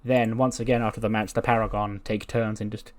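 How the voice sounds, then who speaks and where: A man's voice: fairly low pitch, level tone, fairly quick. A man giving casual commentary on a wrestling booking game, retelling scenes in a chatty way. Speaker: game video creator.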